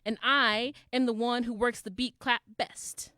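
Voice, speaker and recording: A woman's voice: fairly high pitch, steady tone, measured pace, sharp tone, smooth, no echo. A young adult woman performing spoken word poetry at an open mic, with rhythmic, emphatic delivery and call and response with the crowd.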